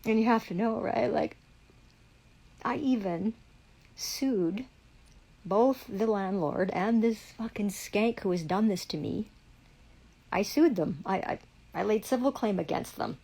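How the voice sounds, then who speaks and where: A woman's voice: medium pitch, measured pace, creaky, long pauses, dark tone, breathy edge, poor audio. A woman on a live stream, ranting in a heavily profane, indignant and rambling way. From Canada. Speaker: livestreamer. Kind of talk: angry live-stream rant.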